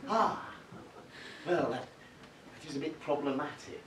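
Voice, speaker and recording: A man's slow, a little high, fairly bright voice carries a stand-up sketch monologue to a live audience, flustered, apologetic, and full of hesitations. He's a stand-up comedy performer, heard far from the mic in a noisy, echoey room with audience laughter.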